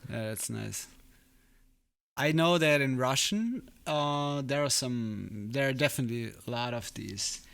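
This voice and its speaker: A man, co-hosting a casual podcast chat, halting and searching for words. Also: mid-range voice, animated, vocal fry, fairly bright tone, smooth. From Germany. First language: German. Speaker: podcast co-host.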